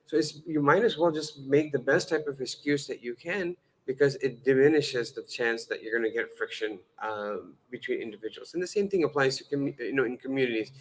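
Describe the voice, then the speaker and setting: Hardly pausing and speaking a little fast, an Islamic lecturer with a mid-range voice keeps his lecture-style sermon conversational and humorous. He fills it with fillers and self-corrections, often restarting words, and acts out dialogue with changing voices. Slight background noise is audible, and the recording is low quality.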